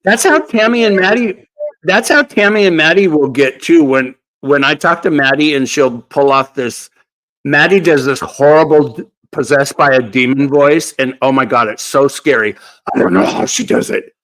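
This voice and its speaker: A man's voice: on the high side, expressive, normal speed, fairly bright tone, rough recording. A man hosting a casual live craft Q&A, chatting and telling stories animatedly with lots of laughter. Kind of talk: casual live-stream chat.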